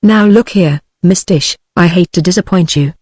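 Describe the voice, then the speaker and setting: A text-to-speech woman's voice with a British English accent, reading a novel aloud in an even, steady way. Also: fairly low pitch, normal speed, husky, no echo. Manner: even, steady synthetic delivery. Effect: synthetic text-to-speech voice. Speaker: audiobook narrator.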